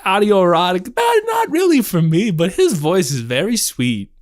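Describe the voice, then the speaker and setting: A man's voice: sits high, big pitch swings, moderate pace. A man co-hosting a book podcast in casual chat, teasing his co-host and laughing often. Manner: teasing, laughing, and loud when joking.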